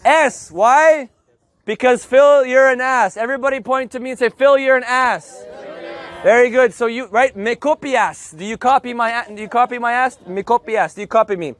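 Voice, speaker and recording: A man teaching Spanish to a live group of learners, energetic and joking, drilling words loudly for the class to repeat. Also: extremely high pitch, fairly quick. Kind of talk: live group language lesson. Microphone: loudspeaker mic.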